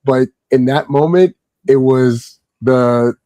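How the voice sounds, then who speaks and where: A man from Irvington, New Jersey, telling a casual story as a guest, calm and subtle, then rising in energy. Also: mid-range voice, slow pace, no echo, poor audio. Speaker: guest, kids' Lego class instructor.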